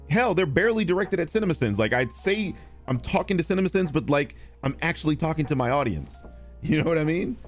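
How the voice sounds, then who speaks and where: A man streaming live, chatting casually and responding to viewers, animated and blunt, with frequent swearing. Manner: animated, swings between loud and low, swears freely.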